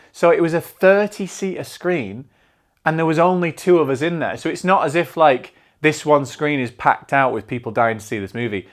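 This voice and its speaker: A man with a Northern English accent hosting a casual film review show, chatty and digressive, often restarting his sentences. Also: fairly high pitch. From north of England.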